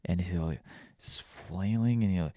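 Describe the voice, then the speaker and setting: Man, deep voice, rambling, dry recording, podcast host. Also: takes it slowly, mellow, no echo. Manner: rambling, self-deprecating, crude jokes. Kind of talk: casual solo podcast monologue.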